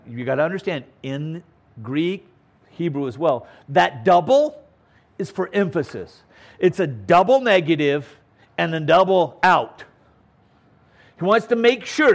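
A pastor teaches through a Bible passage in a slow, deliberate sermon, his voice rising and falling with lots of movement. He is a man with a slightly high voice who leans hard on repeated words for emphasis and keeps asking his listeners "okay?".

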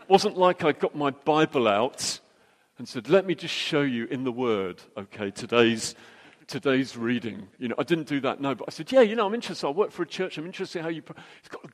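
A middle-aged man telling a jokey, anecdotal story as a church speaker, with quick restarts. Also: on the high side. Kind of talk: storytelling sermon. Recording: long hall reverb.

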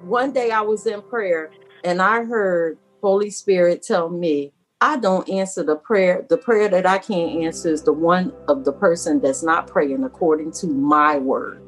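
Emphatic woman preaching over soft music. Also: lowish voice, unhurried. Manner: emphatic, quotes scripture from memory, repeats key words. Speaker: aunt giving spiritual advice. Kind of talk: faith talk, preaching.

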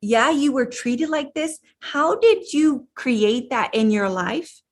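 Woman life coach hyping people up, kinda high voice, says stuff twice for punch. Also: animated, slow. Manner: emphatic and repetitive, rallying. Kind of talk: motivational talk.

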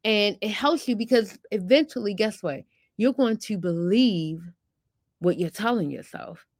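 A woman's voice: medium pitch, animated, measured pace, darkish tone, no room sound, clean studio sound. A woman hosting a motivational podcast, coaching listeners in a chatty, encouraging way and calling them honey and girlfriend. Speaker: podcast host and weight-loss coach.

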